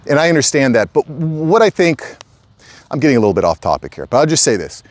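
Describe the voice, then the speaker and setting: Talking directly to his viewers, whom he calls "guys," a middle-aged channel host is casual, emphatic and repetitive. His medium-pitched voice swings widely in pitch at a quick pace, with no echo.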